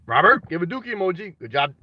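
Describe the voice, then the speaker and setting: Chatty high-voiced man on a livestream. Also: dry recording. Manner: greets viewers by name, rambling anecdotes, animated shouts. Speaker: vlogger reading live chat. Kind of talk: casual livestream chat.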